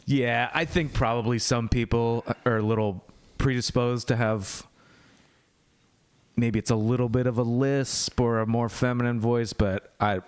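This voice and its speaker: A man co-hosting a podcast, relaxed and agreeable in casual banter, with crude humor. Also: medium pitch, unhurried, smooth. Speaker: podcast co-host.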